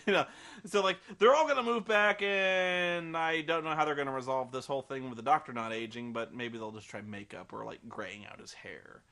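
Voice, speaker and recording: A man's voice: mid-range voice, moderate pace, bright, forceful tone. A man giving a rambling, sarcastic and profane comedic film review.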